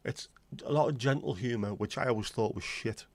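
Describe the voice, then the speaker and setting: Middle-pitched English man in his forties, livestream host, blunt and rambling, dry close recording. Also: brisk, no room sound. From England. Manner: opinionated, blunt, rambling with asides. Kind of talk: casual chat.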